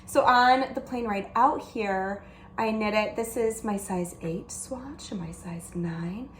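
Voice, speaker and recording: A woman's voice: medium pitch, takes it slowly, echoey room, slight background noise. A woman hosting a casual chat show, talking in an upbeat, chatty way and laughing often. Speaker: host. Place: indoors by a large window.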